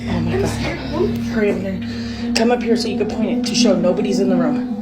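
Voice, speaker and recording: Woman, mother narrating her own phone video at home, scared, breathy half-whisper, loud creepy music underneath. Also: mid-range voice, a little fast. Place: inside a house. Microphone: phone held while filming. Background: loud eerie music.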